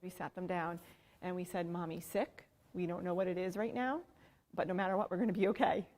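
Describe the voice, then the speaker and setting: A woman in her thirties in a conversational interview, telling her own story with animated warmth. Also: lowish voice, a little fast, in a large hall. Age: 30s. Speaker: interviewer, breast cancer patient.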